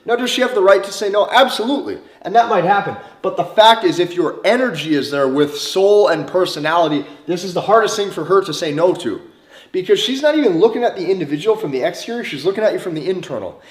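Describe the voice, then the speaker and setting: A man giving a forceful, repetitive dating lecture, swearing freely. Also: high-pitched, expressive, fast talker. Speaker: dating coach. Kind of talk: motivational lecture to camera. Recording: roomy echo.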